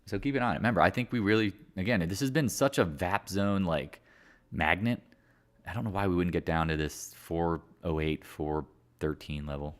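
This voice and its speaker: A man's voice: sits low, moderate pace. A man hosting a casual live market chat, rambling and joking as he walks through charts, sometimes laughing at himself. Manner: sings and mimics other traders in silly voices.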